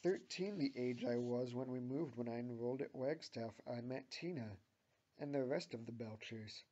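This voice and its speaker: A man's voice: mid-range voice, normal speed, dark tone, close to an everyday voice. A man reading the lines of an abrasive, cynical young woman who swears and grumbles, on a dull lo-fi recording. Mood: grumbling bitterly.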